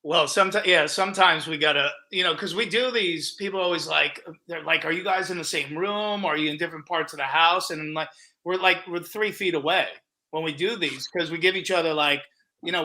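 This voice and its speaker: A man's voice: fairly high pitch, steady tone, brisk, bright, forceful tone. A middle-aged man and comedian recounting a prank call in a casual podcast chat.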